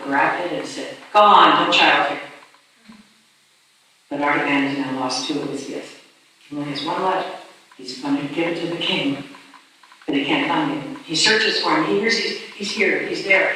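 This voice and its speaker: Animated storytelling woman in an echoey hall. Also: on the low side. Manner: animated, stammering restarts, dramatic. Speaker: speaker. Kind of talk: storytelling sermon. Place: church hall. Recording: echoey distant hall with faint noise.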